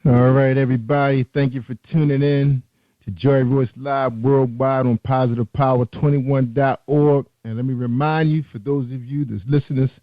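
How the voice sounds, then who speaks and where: A man's voice: medium pitch, fairly even intonation, moderate pace. A male radio host talks in a loose, chatty way and catches his own slips as he goes. His voice comes through thin and tinny, like a phone line. There is no room echo at all. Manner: loose, chatty delivery with self-corrections. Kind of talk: online radio interview.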